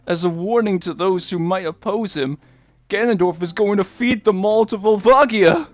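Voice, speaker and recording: A man's voice: sits high, moderate pace, no room sound, faint music behind, natural voice. A man voicing a tearful little Goron boy. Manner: crying voice; soft, gentle delivery. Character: small tearful Goron boy, eager and scared.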